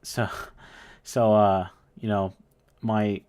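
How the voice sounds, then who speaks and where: A man's voice: lowish voice, little pitch movement, very slow, a little mellow, clear, resonant tone. A young man casually telling a story, rambling and swearing with lots of fillers. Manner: rambling, profane, full of fillers.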